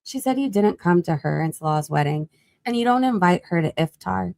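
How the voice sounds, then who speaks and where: A woman's voice: on the low side, lively intonation, a little fast, gravelly, darkish tone, no room sound. A woman chatting casually on a live gossip stream, scrolling and laughing as she talks to her chat. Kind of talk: casual commentary while scrolling.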